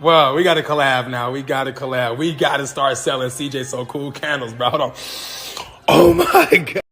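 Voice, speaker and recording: A vlogger in a played clip, exclaiming excitedly in slangy, casual talk. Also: medium pitch, moderate pace, soft background music.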